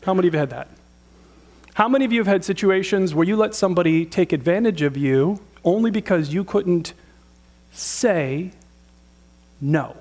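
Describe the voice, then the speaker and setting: Pastor in his fifties: higher-than-usual male voice, storytelling sermon, rhetorical questions to the room. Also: expressive, moderate pace, pauses often, a little mellow. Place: church hall with audience.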